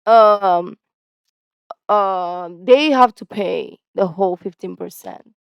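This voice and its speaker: A woman from the Philippines, commenting casually and excitedly while reacting to a video. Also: medium pitch, a little slow, creaky, no room sound, lo-fi sound. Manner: chatty, exclamatory, lots of "like" fillers. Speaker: YouTube reactor.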